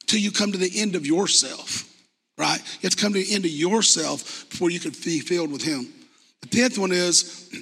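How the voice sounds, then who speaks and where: Earnest high-voiced man in a reverberant church. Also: bright, forceful tone, slightly rough. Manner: earnest, conversational, reads scripture aloud. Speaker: church speaker giving testimony. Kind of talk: sermon testimony. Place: church hall.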